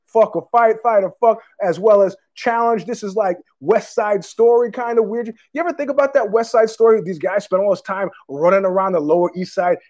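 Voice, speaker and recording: A man hosting his own show, telling a street story in a casual, profane monologue and acting out the other people's lines. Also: sits high. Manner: profane, animated, acts out street exchanges in quoted voices. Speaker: podcast host.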